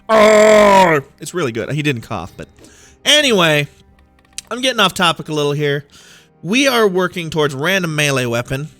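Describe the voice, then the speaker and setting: Playful, bright-voiced male gamer. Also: fairly high pitch, very animated, moderate pace, no room sound, soft background music. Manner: playful, jokey, goes off on tangents. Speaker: gaming YouTuber. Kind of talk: let's-play commentary.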